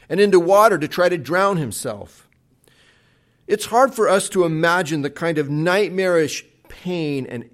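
A man preaching a sermon, retelling a Bible story with dramatic swings between loud acted quotes and soft, hushed passages. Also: sits high. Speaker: pastor.

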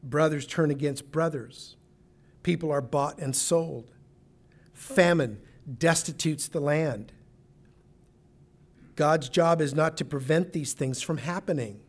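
A pastor delivers a sermon in an earnest, emphatic manner. His voice sits a little higher than most men's. He sometimes breaks off and restarts a phrase as he presses his point. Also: slow, pauses often.

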